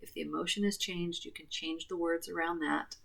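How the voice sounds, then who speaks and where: A woman coaching a guided tapping session, calmly repeating affirmations. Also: on the low side, fairly quick, vocal fry. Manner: calm, repetitive affirmation phrasing.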